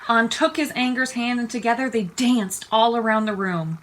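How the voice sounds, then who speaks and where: A woman teacher reading a children's picture book aloud, expressive and unhurried. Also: fairly high pitch, poor audio. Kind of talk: storytime read-aloud.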